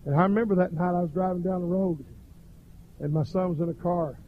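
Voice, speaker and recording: A middle-aged man preaching a fervent revival sermon that swells into shouted cries. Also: sits high, fairly even intonation, fairly quick, slight background noise. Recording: dull lo-fi recording.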